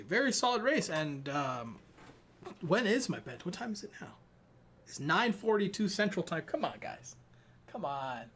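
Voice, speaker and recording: Young male streamer, tired, chatty and self-mocking; lively, high-pitched voice. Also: slight background noise. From Ireland. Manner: rambling, self-deprecating, talks to chat while fiddling with gear. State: tired and sweating. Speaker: sim racing streamer. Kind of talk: casual live-stream chat.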